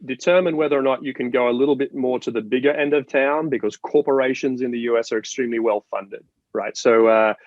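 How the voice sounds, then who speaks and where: Animated australian-born man talking marketing. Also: mid-range voice, fast, no echo, dull audio. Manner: animated, storytelling with many restarts. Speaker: marketing guest. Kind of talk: interview conversation.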